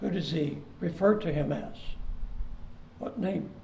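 High-voiced pastor in an echoey sanctuary. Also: male voice, creaky, a little mellow, a little hiss or hum. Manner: earnest, slows down to stress key words. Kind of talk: sermon. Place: church sanctuary. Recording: echoey church room.

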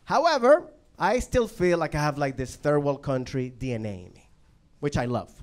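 A young man from Venezuela, a native Spanish speaker with a Venezuelan Spanish accent, doing an animated stand-up comedy set, swearing and acting out voices. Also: fairly high pitch, moderate pace. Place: comedy club stage. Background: audience laughter.

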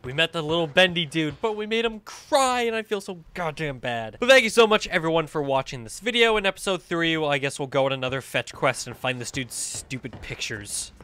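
An excitable young man narrates a horror game as he plays, laughing often and chatting to the characters on screen. His voice is bright and fairly high, with lively swings in pitch. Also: a little fast, hardly any pauses, smooth. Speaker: gaming YouTuber. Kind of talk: let's play commentary.

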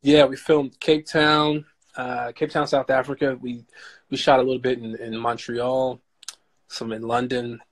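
A man being interviewed as an actor guest, telling stories in a relaxed way with lots of "you know". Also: medium pitch, measured pace. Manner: relaxed storytelling, says "you know" a lot. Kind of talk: casual interview chat.

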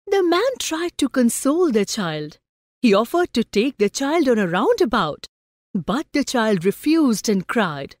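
A woman, narrating a story for students in a slow, expressive way and asking the class questions. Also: a little high, dry recording, studio quality.

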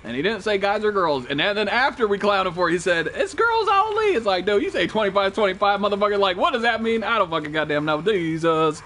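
A man's voice: high voice, fast, few pauses, sharp tone, slight background noise. A young man streaming a game live, greeting viewers and joking in loose, profane, rambling talk. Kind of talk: live gameplay stream chat.

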